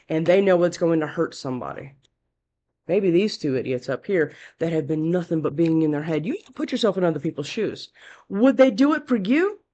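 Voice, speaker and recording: A woman giving a casual tarot reading, talking bluntly and chattily, scolding and cursing freely. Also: mid-range voice. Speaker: tarot reader.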